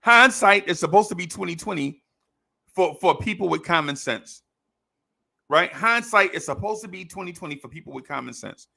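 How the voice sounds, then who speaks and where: A man hosting a casual sports podcast, talking in an animated way, repeating phrases and laughing often. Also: sits high, normal speed, gravelly. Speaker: podcast host.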